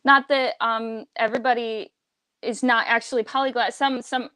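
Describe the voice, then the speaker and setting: Guesting on a laid-back livestream, this language teacher is emphatic and opinionated, slipping into animated impressions. She has a slightly high voice at a moderate pace, with a clean tone and no echo.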